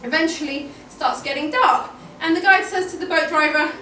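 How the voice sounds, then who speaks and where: A woman telling a personal story at a live storytelling event, animated and often laughing, repeating words for effect. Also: high voice, brisk, few pauses. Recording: echoey room, distant mic, noisy.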